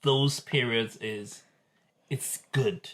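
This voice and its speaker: A woman's voice: extremely low pitch, drawn-out words. A woman, co-hosting a podcast, who mostly adds short affirmations and shares a reflective thought about faith. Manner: brief affirming interjections and a reflective faith remark. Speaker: podcast co-host. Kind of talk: casual podcast chat.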